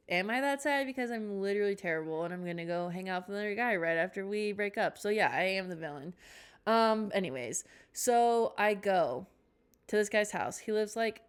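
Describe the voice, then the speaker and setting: A young woman hosts a podcast, telling a rambling storytime full of tangents and self-mocking asides. Her voice is medium-pitched and smooth, and the chat is casual.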